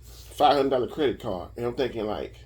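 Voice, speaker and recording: A man casually telling a story about his own life, animated and full of profanity. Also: medium pitch, brisk, breathy edge. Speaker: vlogger.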